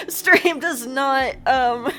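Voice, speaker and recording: A woman streaming live, her voice high and her talk slow and drawn out. She rambles anxiously, close to tears, breaking into nervous laughs, with faint music playing behind her. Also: fairly bright tone. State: on the verge of tears. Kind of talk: casual live-stream chat.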